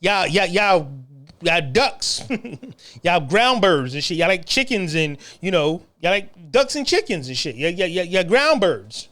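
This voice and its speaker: A man's voice: high-pitched, very animated, a little slow, bright, forceful tone. An American man delivering a profane, taunting monologue rant to the camera, laughing mockingly and stammering through repeated restarts. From United States. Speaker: online commentator.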